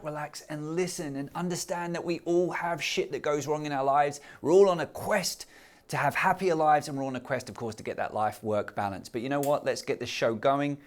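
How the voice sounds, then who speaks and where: A middle-aged man from Southeast London with a softened London accent, chatting casually and self-deprecatingly as a podcast guest. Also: mid-range voice. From Southeast London, England. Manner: self-deprecating, animated storyteller.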